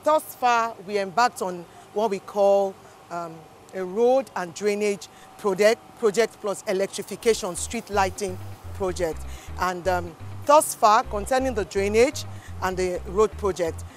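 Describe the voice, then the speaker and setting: A woman, a community official, giving a measured on-site report on project progress with some hesitation. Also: medium pitch, soft background music.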